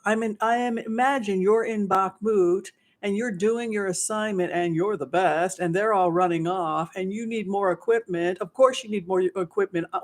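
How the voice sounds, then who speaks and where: A psychic remote viewer answering questions live in a rambling monologue, with frequent restarts and acted-out quotes. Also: mid-range voice.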